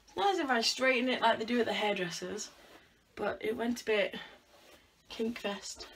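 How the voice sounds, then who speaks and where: A woman's voice: on the high side, moderate pace, fairly bright tone, a little hiss or hum. A young woman chatting casually at home in a vlog, thinking aloud in a self-mocking, chatty way while she styles her hair. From United Kingdom. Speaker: vlogger.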